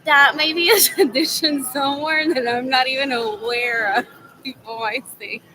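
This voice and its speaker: A woman, her voice sitting high, chats in a loose, rambling monologue. She giggles between thoughts and fills her sentences with "like." Steady background ambience hums loudly behind her. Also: normal speed, slight background noise, poor audio. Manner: rambling, giggly, heavy use of "like". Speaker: vlogger.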